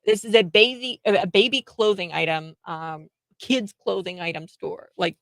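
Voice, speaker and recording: A woman's voice: medium pitch, moderate pace, dry recording, rough recording. A woman hosting a commentary show, talking in a chatty, sarcastic way with many filler words and short laughs. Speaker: host. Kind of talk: political commentary.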